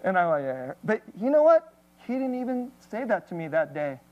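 A woman's voice: mid-range voice, very animated, a little fast, dull audio. Woman pastor, candid emotional testimony, lots of "like" and "you know", honest storytelling feel. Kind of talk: personal testimony in a sermon.

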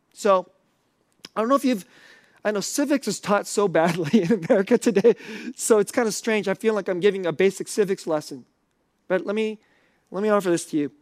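A man's voice: high-pitched, no echo, studio quality. A man preaching a sermon to a live audience in a conversational, questioning way.

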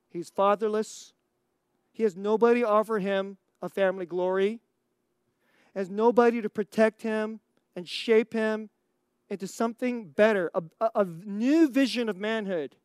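An American preacher telling a story in a sermon, animated, acting out scenes and laughing often. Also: mid-range voice, smooth, dry recording, clean studio sound. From United States.

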